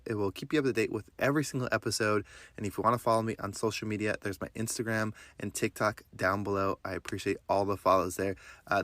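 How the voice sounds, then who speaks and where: A man hosting a self-help podcast, guiding listeners through breathing and affirmations in a slow, calm, deliberate way. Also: on the low side, dry recording. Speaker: podcast host and life coach. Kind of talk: guided breathing meditation and affirmations.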